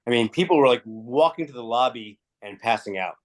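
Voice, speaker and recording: A man, a music promoter, telling animated backstage anecdotes in a casual interview, acting out dialogue and swearing freely. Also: mid-range voice, brisk.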